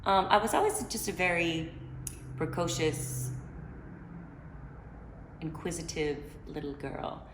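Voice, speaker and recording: A woman's voice: deep voice, takes it slowly, long pauses, roomy sound, slight background noise. A woman singer chatting from home as she answers fan questions, loose and slangy with plenty of filler. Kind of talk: casual chat. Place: her home.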